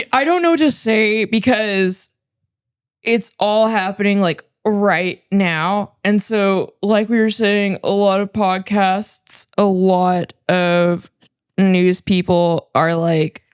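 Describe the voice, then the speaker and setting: A woman co-hosting a podcast in easy, casual chat, her voice at a middling pitch. She drops sarcastic one-liners, and the recording is close and dry, with no room sound. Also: smooth, no echo. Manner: sarcastic, quick with wry asides. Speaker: podcast co-host.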